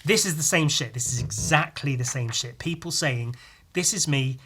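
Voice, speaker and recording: A man's voice: on the high side, normal speed, bright, forceful tone, breathy edge. A man hosting a podcast, talking in a blunt, sweary, rambling way with many restarts. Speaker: podcast host. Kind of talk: casual opinionated monologue.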